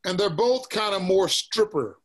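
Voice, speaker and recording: A man's voice: high-pitched, lively intonation, measured pace, a little hiss or hum. Laid-back Texan man with a Southern accent. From Texas. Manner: laid-back, says "man" and "you know" often, laughs easily. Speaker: musician guest. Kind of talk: casual interview chat.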